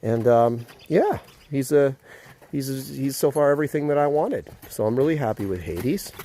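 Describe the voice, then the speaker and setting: A man vlogging casually outdoors at a horse paddock, excited and chatty, with lots of fillers, filmed on a handheld phone. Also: mid-range voice, moderate pace, slight background noise. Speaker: vlogger, dog trainer. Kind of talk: casual vlog to camera.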